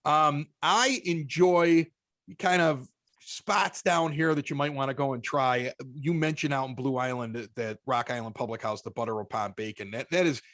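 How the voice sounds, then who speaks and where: A man with a Chicago accent, a podcast guest telling stories in casual chat, animated and often stammering through restarts. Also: mid-range voice, normal speed, no echo. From Chicago, United States.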